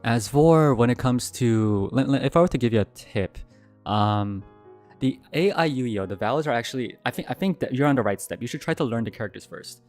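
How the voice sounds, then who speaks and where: Over faint music, a young man speaks at a brisk clip while streaming a casual Q&A chat. He answers questions and tells stories with animation, breaking into high yelps whenever he describes being scared.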